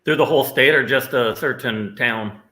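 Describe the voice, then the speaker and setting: A man's voice: mid-range voice, moderate pace, sharp tone, echoey room, low-quality recording. A man co-hosting a live stream, chatty and reading out viewer comments. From Nebraska, USA. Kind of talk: casual live stream chat.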